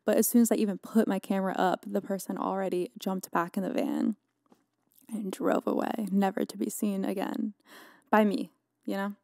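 A woman's voice: medium pitch, little pitch movement, moderate pace, vocal fry, a little mellow, dry recording, studio quality. A young woman hosting her podcast, recapping a story in casual, dramatic chat, full of "like" and laughter. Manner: chatty, dramatic, filler-heavy with frequent "like". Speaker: podcast host.

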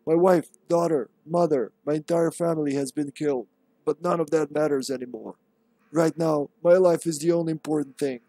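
A self-pitying would-be novelist facing his end, as a man puts him on. He reads his last words in a melodramatic, mournful way, a touch higher than a plain speaking voice. The figure comes from a survival horror game. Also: steady tone, moderate pace, dark tone, no room sound.

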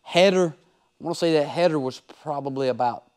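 A man's voice: on the high side, moderate pace, smooth. A man, a race car driver giving laid-back, folksy voice-over commentary on his own race footage.

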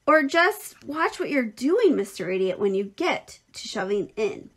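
A woman's voice: on the high side, very animated, unhurried, breathy edge, full character voice. A woman reading aloud and voicing a fussy, complaining male rat.

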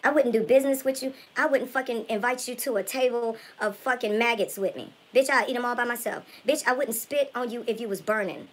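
A woman's voice: fairly high pitch, fairly quick, few pauses, natural voice, rough recording. A woman impersonating a brash, foul-mouthed woman vlogger in a comedic spoof, ranting at her haters with nonstop profane insults. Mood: furious. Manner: profane, insult-hurling trash talk.

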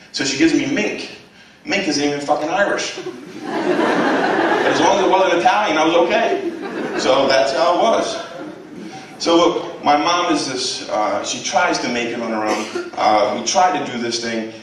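A male guest speaker tells blunt, profane stories to students in a college lecture hall, laughing along the way. His mid-range voice is fairly bright, picked up by a distant mic in the echoey hall, with a little hiss or hum.

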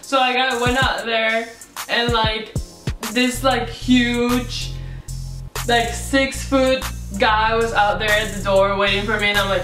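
Speaking slowly in a voice on the high side, a young woman from Venezuela vlogs a casual story to camera. She's chatty, leans on "like" as a filler and animates her quoted reactions, while the distant mic picks up roomy echo with music in the background.

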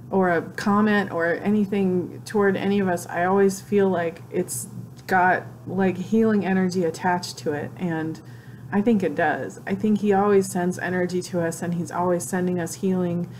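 A woman vlogging in an emotional, gushing way, tearful and crying as she talks with excited exclamations. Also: mid-range voice, a little hiss or hum. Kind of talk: emotional casual vlog.

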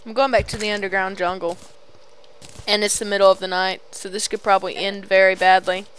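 A woman's voice: mid-range voice, flat delivery, brisk, fairly bright tone, slight background noise, rough recording. A young woman chatting casually over a voice call while playing a game, teasing her friend and taunting enemies on screen. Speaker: gamer recording a let's play.

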